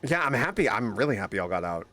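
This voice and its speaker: A young man streaming, chatting casually with his viewers, telling animated stories and greeting them by name. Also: medium pitch, fast.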